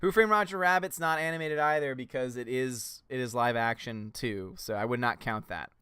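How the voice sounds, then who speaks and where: A man's voice: mid-range voice, normal speed, sharp tone, clear, resonant tone, dry recording, clean studio sound. A man with a Southern US accent hosting a casual livestream, playful and joking with his viewers. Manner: playful, joking, laughs often. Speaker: livestream host.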